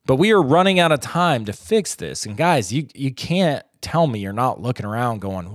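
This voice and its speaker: Blunt, profane American podcast ranter. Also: male voice, medium pitch, big pitch swings, normal speed, hardly any pauses, dry recording, studio quality. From United States. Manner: rambling, with restarts and trailing off. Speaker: podcast host. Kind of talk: solo podcast rant.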